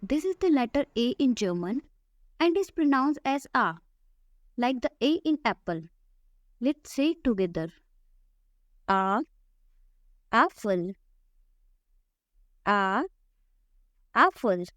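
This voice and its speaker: A woman teaching a language lesson, saying each letter and example word slowly and repeating them for the listener to copy. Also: high-pitched, sing-song, no echo, studio quality. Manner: slow, careful, repeats each word for practice. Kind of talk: slow scripted alphabet lesson.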